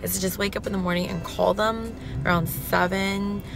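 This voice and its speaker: A young woman with a husky voice, chatting excitedly to her viewers in a casual vlog. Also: mid-range voice, normal speed, music in the background. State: husky, lowered voice while recovering. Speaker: vlogger.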